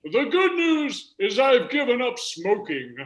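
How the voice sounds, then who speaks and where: A man voicing a very old man, drawing out each word slowly, in a comedy game show parody. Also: very high-pitched, big pitch swings, echoey room, pitched above the performer's own voice, heavily acted. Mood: hammy. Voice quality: slow, drawn-out old man's voice. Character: quavering 102-year-old man.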